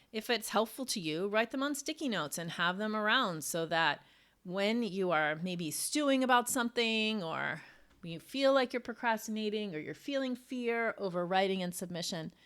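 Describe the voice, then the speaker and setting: A woman's voice: mid-range voice, a bit bright, clear, resonant tone. A middle-aged woman hosting a solo coaching podcast, chatty, with many "like" fillers and frequent laughs. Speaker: academic writing coach and podcast host. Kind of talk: casual solo podcast talk.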